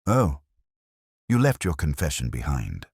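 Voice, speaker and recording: An aloof, exacting detective, read by a man speaks in a very deep, husky voice with lively rises and falls. Every word is measured and dryly formal. The sound is close and dry. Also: no room sound, heavily acted. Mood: cold. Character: stout, aloof male genius detective, older. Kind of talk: audiobook character reading.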